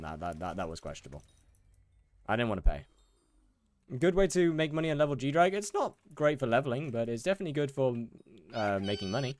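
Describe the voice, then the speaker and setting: A young British man streams a game and chats casually with his viewers, often stammering and repeating words. His voice sits at medium pitch, with no room sound in the recording.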